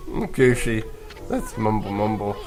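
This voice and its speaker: A man's voice: fairly low pitch, animated, takes it slowly, music in the background. A man giving casual, rambling commentary while playing a video game, sleepy and yawning, chuckling and restarting his sentences. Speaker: let's play gamer.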